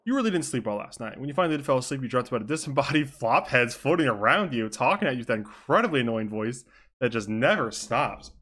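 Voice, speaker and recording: Male streamer narrating a story live, mid pitch, wry and self-mocking. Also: very animated, quick pace, a bit bright. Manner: self-mocking, laughs at his own voices. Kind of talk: reading an interactive story aloud on a livestream.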